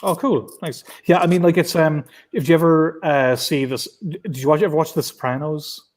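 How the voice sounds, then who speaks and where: A man's voice: on the high side, normal speed, darkish tone. A man with an Irish accent, a guest speaking casually from his apartment over a laptop video call, talking in loose runs full of restarts and fillers. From Ireland. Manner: chatty and loose, with many restarts and filler words. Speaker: guest comic writer.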